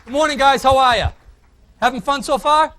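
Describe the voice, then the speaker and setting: A man from Boston with a Boston accent, giving a fast, joking presentation at a conference and commanding the crowd. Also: very high-pitched, pushed and bright, a little hiss or hum. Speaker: conference speaker. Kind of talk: energetic presentation to an audience. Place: conference hall.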